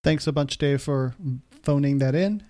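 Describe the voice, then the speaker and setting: A man's voice: a little high, moderate pace, dark tone. A man hosting a podcast in a casual, easygoing way, joking with his co-host and reading out articles.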